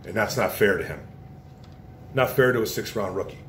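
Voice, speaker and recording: A man's voice: fairly low pitch, normal speed, a bit bright. A man hosting a casual football commentary show, blunt and opinionated, often repeating his points. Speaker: sports podcast host. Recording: roomy echo with faint noise.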